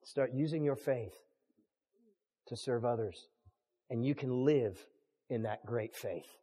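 Animated preacher in a reverberant hall. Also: male voice, mid-range voice, takes it slowly. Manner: animated preacher, swings from hushed to shouting. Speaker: pastor. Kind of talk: sermon storytelling.

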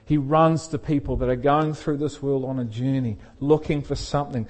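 A man's voice: mid-range voice, brisk, few pauses, darkish tone. A middle-aged man, a pastor telling a personal story in a sermon and laughing often as he speaks. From England.

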